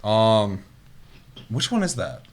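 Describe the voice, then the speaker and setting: A man's voice: on the low side, slow. A young man co-hosting a casual gaming podcast, telling stories loosely and swearing freely. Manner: loose, profane, animated storytelling. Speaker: podcast co-host.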